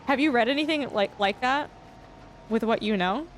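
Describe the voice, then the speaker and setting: A woman's voice: a little high, normal speed, a little hiss or hum. A woman streaming a farming game, chatting casually and reading chat aloud. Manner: chatty, reads chat aloud, laughs often. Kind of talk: casual livestream chat while gaming.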